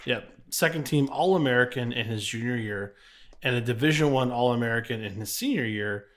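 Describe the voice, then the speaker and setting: A man's voice: medium pitch, fairly quick. A man co-hosting a casual wrestling podcast, reading out promos and biography notes and laughing often. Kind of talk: casual podcast chat with read-out bio notes.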